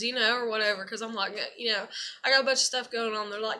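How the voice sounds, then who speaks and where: A woman talks straight to camera in a rambling, unfiltered monologue. Her voice sits a bit high and has a bright, forceful edge. She swears freely and keeps circling back with "you know" and "I'm like". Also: steady tone, fast. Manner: frank and profane, rambling with many fillers. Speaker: vlogger. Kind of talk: casual personal monologue.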